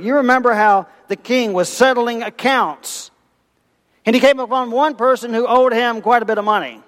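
A man preaching a sermon, telling a parable with lively, animated storytelling and acting out the voices of its characters. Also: high-pitched, big-room sound. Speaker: pastor.

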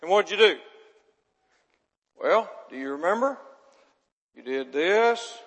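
High-voiced preacher in a hall. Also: male voice, animated, slow pace, a bit bright. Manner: chatty, asks the audience questions, self-deprecating. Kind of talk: folksy sermon with audience banter. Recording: long hall reverb.

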